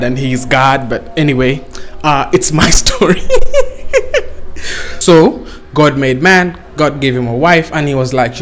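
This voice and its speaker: A man's voice: a little high, lively intonation, moderate pace, a little hiss or hum. A man telling a comic story casually, swearing and laughing at his own jokes. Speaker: comedian. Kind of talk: comedic storytelling.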